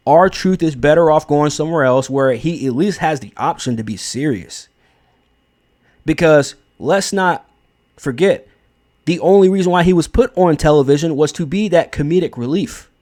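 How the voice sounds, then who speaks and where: A young man talks through his take in a casual, unscripted way, blunt and emphatic and sprinkled with profanity. He restarts sentences and leans on fillers as he thinks aloud. His voice sits a little higher than most men's. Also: moderate pace, darkish tone. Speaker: wrestling commentary host. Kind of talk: casual opinion commentary.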